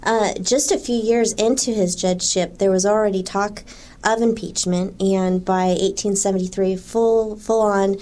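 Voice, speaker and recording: A woman's voice: medium pitch, steady tone, normal speed, warm tone. A woman guest answering interview questions about history, thoughtful and hesitant, with frequent fillers. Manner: thoughtful, with frequent ums and small laughs.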